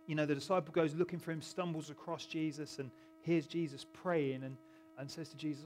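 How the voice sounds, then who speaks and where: Middle-aged guy preaching in church, bit high pitched, chatty and jokey, keeps breaking off to banter. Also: fairly even intonation, brisk, music in the background. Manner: chatty, self-interrupting, jokes with the congregation. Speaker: pastor. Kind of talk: sermon. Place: church hall.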